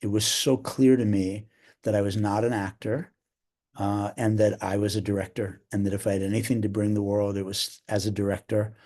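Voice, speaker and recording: A man's voice: on the low side, level tone, moderate pace, darkish tone. An older man, a theater director as interview guest, speaking reflectively with frequent restarts and a slight cough. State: slight cough, clearing throat. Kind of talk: podcast interview.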